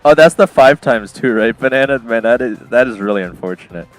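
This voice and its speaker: A man's voice: mid-range voice, animated, fairly quick, soft background music. An American man chatting casually on a live stream, reading and answering chat by name and laughing often. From United States.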